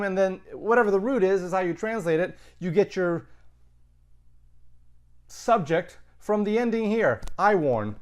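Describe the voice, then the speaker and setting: A man teaching a Latin lesson, thinking aloud with casual asides. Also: sits high. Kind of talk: recorded lesson.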